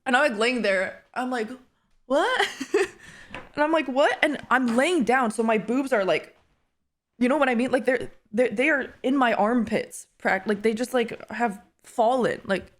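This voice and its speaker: Laughing, animated young woman streamer. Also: on the high side, moderate pace. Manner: animated, laughs often, acts out quotes. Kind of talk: casual storytelling.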